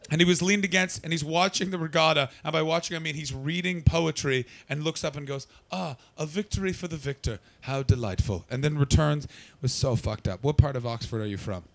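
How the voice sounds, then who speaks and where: Gravelly comic, brash and profane. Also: male voice, on the high side, fairly quick, hardly any pauses. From Canada. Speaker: stand-up comedian. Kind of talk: stand-up crowd work.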